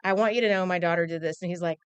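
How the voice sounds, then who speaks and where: Her voice is low, smooth, and very fast on a dry recording. The anchor, a woman in her forties, chats casually in a TV news studio and tells a lively story with acted-out quotes.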